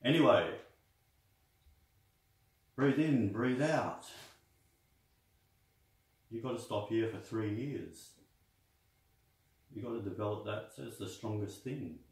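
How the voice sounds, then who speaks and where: Lowish voice, guy coaching kung fu breathing, rambly and casual, big echo, mic far off. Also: moderate pace, gravelly. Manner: rambling, folksy, guiding breathing counts. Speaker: martial arts teacher. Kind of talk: casual instructional talk. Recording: echoey room, distant mic.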